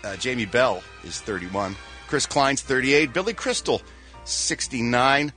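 A male morning radio host delivering celebrity news with a teasing, playful manner. His voice is bright and forward, and his pitch swings widely as he jokes with his co-hosts. A faint music bed plays underneath. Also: lively intonation, unhurried. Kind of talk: casual morning radio chat.

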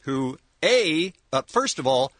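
Teasing, lively-voiced radio host man. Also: medium pitch, slow pace, no echo. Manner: teasing, jokey, runs the segments. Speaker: radio morning show host. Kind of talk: casual radio banter. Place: radio studio.

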